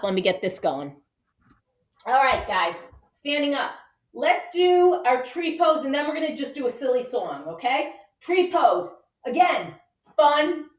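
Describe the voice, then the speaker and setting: A woman leading a children's yoga and mindfulness lesson, giving upbeat, encouraging step-by-step instructions. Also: high voice. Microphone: camera set back from her. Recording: roomy sound from a distant mic.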